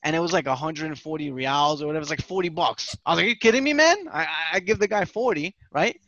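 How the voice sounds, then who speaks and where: A man's voice: a little high, quick pace, fairly bright tone, dry recording, dull audio. A man telling a story with animation on a casual podcast chat, swearing and repeating himself. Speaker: podcast host.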